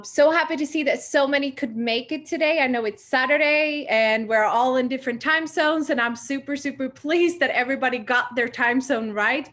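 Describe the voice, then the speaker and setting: Young woman host on a video call, a bit breathless, effusive, slightly high voice. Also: fairly bright tone. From Sweden. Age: 20s. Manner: upbeat and effusive, repeats words for emphasis. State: short of breath. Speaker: retreat founder and confidence coach hosting a meeting.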